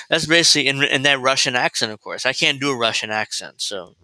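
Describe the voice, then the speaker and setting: A man's voice: mid-range voice, lively intonation, fast, hardly any pauses, pushed and bright, no room sound, rough recording. A man hosting a political commentary livestream, talking in a blunt, profane, rambling way and laughing at his own points. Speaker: commentary show host.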